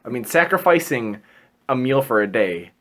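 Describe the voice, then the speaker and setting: A man's voice: mid-range voice, normal speed. A young man co-hosting a casual podcast, laid-back and easily amused. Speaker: podcast co-host. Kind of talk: casual chat.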